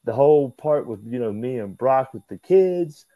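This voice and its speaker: Speaking at a moderate pace with a medium pitch, a male pro wrestler shares backstage tales as an interview guest, loose and animated. He cusses freely, calls people "brother," and voices others' lines loudly. The audio is poor and lacks any room sound.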